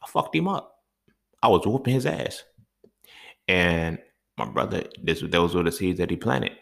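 Deep, gravelly man telling stories. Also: normal speed. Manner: profane, streetwise, animated storytelling. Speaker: podcast host. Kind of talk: casual monologue storytelling.

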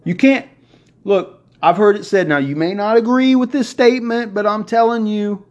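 An excitable man with a somewhat raised pitch delivers a motivational podcast monologue, preaching with rising fervor. The recording sounds dull and lo-fi. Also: moderate pace. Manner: excitable and preachy, works himself up. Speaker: podcast host.

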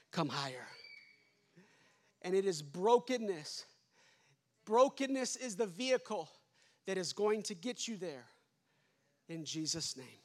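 A man preaching a sermon as pastor, building to shouts and dropping to hushed endings. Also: high-pitched.

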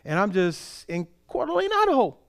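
Middle-aged male pastor from California, lively sermon storyteller who mimics the people in his stories; slightly higher voice. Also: moderate pace, clean tone. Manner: animated storyteller, acts out quoted voices.

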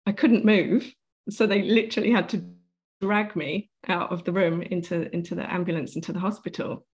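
Woman interview guest, lowish voice, earnest vivid storyteller. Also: fairly even intonation, normal speed, dull audio. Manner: earnest, vivid retelling with acted-out quotes.

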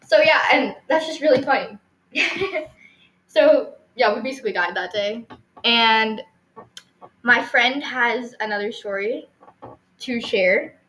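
Teen girl podcast host, bright high voice, giggly and rambly, echoey room. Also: takes it slowly, pauses often, a little hiss or hum. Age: teens. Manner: giggly, rambling, lots of fillers. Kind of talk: casual storytelling chat.

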